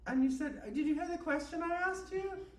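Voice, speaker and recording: Woman, deadpan, rambling, absurdist guided meditation, live event, distant mic, roomy echo. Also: extremely high pitch, brisk. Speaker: guest performer. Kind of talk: comic improvised guided meditation and chat. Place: live event in a bookstore space. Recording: roomy and distant, faint background noise.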